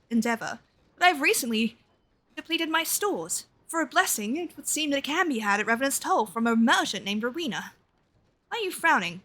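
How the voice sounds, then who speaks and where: A woman voicing an excitable, tactless young male scholar who speaks in formal, old-fashioned phrases. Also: sits high, full character voice.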